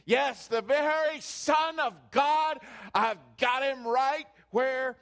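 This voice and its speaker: A man voicing the devil as a gloating, scheming figure, moving from a hushed whisper to loud, high triumph. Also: slow, creaky, full character voice. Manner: sinister gloating, whispered then swelling loud.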